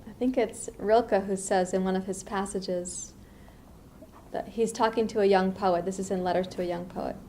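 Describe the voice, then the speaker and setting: A middle-aged woman from the US East Coast, giving a reflective dharma talk as a meditation teacher, unhurried with lively asides. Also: mid-range voice, slight background noise.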